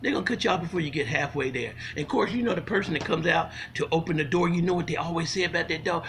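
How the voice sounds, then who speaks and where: A man telling comic stories in a folksy, animated way, swinging from loud to hushed. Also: fairly high pitch, fast talker, few pauses, slight background noise. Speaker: storyteller. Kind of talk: comic storytelling monologue.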